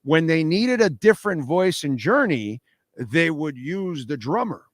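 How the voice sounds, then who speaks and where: A man's voice: fairly high pitch, a little slow, dry recording, studio quality. A man hosting a radio show, talking in a casual, emphatic way and often repeating himself. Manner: animated, emphatic, repeats words. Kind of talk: casual sports radio talk. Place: radio studio. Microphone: studio microphone.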